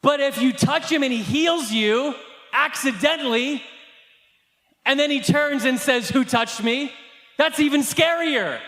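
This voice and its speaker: A male pastor preaching a sermon at a church service, impassioned, with shouted emphasis. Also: very high voice. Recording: echoey hall reverb.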